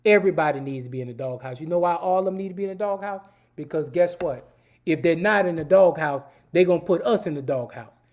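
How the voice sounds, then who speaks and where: A man's voice: on the high side, fast talker, darkish tone. A middle-aged man hosting a live-stream talk show, speaking in an emphatic, preachy way, repeating words and calling out to viewers as y'all. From Savannah, Georgia, US. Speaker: host.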